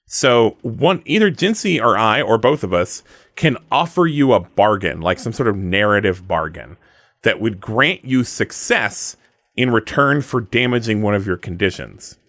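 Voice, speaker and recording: Man, casual role-play chat, animated, clear rules talk, dry mic. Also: medium pitch, dry recording. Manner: jokey, animated, explains rules plainly. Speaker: player and rules explainer.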